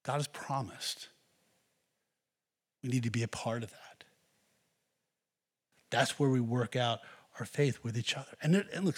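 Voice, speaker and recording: A husky-voiced man preaches a sermon from the pulpit. He presses earnestly on his congregation, urging them on line after line. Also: fairly high pitch. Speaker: pastor.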